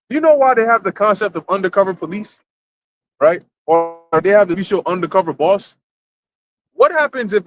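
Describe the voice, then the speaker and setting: A man hosting a casual church discussion, telling stories animatedly and acting out the people he quotes. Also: high-pitched. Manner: animated storyteller, laughs often, quotes people in voices.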